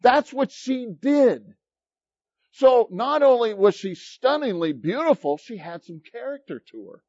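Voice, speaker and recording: A man preaching a sermon as pastor, telling stories in an animated, emphatic way. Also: very high-pitched, a little slow, dry recording. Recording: dull lo-fi recording, dry.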